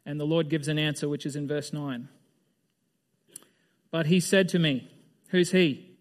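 A man with a notably high-pitched voice preaching a sermon to a gathered congregation. His delivery is loose and conversational, full of questions thrown out to the room. He often restarts or drops a sentence halfway before pressing on. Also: measured pace. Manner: restarts and trails off mid-sentence. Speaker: pastor.

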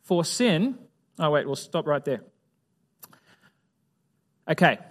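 A man giving a conversational Bible lesson in a fairly high voice. He talks casually and keeps asking his listeners questions. Now and then he acts out little scenes as he teaches. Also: sing-song, slow pace. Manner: chatty, asks the audience questions, acts out voices. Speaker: preacher.

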